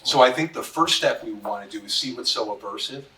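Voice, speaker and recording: A man's voice: mid-range voice, a little fast, pushed and bright. A man on the therapy team giving easygoing, encouraging advice to a parent. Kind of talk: casual advice in a discussion. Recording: echoey room, mic at a distance.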